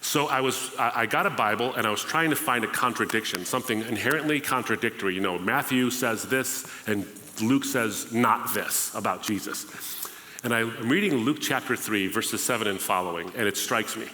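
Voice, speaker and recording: A man's voice: mid-range voice, normal speed, bright, forceful tone, long reverb tail, slight background noise. A man born and raised in the United States, telling his story to a live audience as a guest speaker, humorous and conversational, acting out old conversations. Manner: humorous, conversational, acts out past dialogues. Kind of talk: storytelling testimony at a live event. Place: church auditorium.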